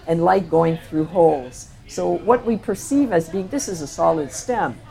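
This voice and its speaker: A woman presenting her photographs to an audience, speaking reflectively and often pausing on fillers and restarts. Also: on the low side, lively intonation, vocal fry, mellow. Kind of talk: slide talk to an audience.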